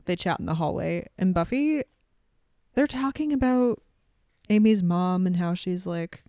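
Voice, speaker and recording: A chatty woman hosts a podcast and chats casually about a TV episode. Her voice sits a little low. The recording is dry and close, with no room echo. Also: expressive, unhurried, mellow. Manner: chatty, laughs often, quotes characters. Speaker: podcast host. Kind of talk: casual chat recapping a TV episode.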